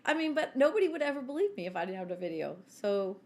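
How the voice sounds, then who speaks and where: A woman co-hosting a podcast, telling a story in an animated, giggly way and acting out the quotes. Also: on the high side, quick pace. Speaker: podcast co-host. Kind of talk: casual storytelling chat.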